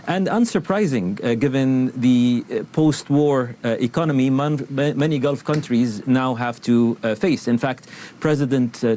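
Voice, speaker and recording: A male news guest with a mellow, dark voice who explains economic policy haltingly. He keeps breaking off with fillers and restarts. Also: medium pitch. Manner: hesitant, full of uh fillers and restarts. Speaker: interview guest analyst. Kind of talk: news interview answer.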